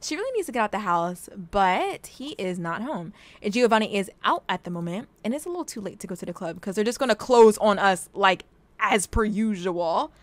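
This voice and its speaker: A woman's voice: medium pitch, lively intonation, a little fast, dry recording. A young woman hosting a let's play, giving casual, teasing commentary as she plays and laughing often.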